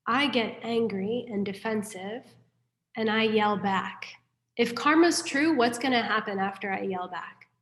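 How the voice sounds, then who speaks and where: A woman's voice: mid-range voice, a little slow, a bit bright. Chatty woman teaching over an echoey call. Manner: chatty, self-deprecating, repeats key points. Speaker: dharma teacher. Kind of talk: online class lecture. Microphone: video call. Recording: roomy echo.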